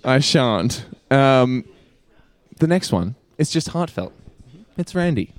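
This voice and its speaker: Guy, mid-pitched, casual joking co-host reading listener names. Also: big pitch swings, takes it slowly, dry recording. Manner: laughing, playful, reading names aloud. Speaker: podcast co-host. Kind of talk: casual chat.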